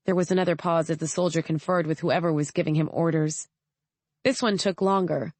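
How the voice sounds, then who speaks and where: Low-voiced woman narrating an audiobook. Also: fairly even intonation, fairly quick, darkish tone, dry recording. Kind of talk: first-person audiobook narration.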